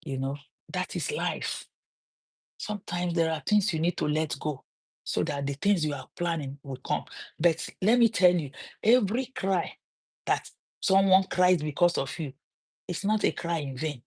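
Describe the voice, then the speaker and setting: A middle-aged woman with a Nigerian accent, telling a story on a livestream and turning it into a sermon, with animated quoted voices and preachy asides. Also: low voice, unhurried, slightly rough. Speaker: livestream host.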